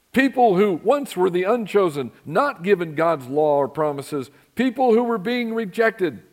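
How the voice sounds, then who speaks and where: Conversational man preaching a sermon. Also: high voice. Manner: conversational, asks the congregation questions. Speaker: pastor. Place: church sanctuary.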